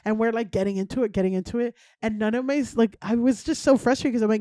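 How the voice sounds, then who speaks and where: A woman in her thirties, a guest comedian on a casual podcast, telling lively stories and acting out quotes. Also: a little high, quick pace, dry recording, clean studio sound. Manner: animated storytelling, acting out quotes.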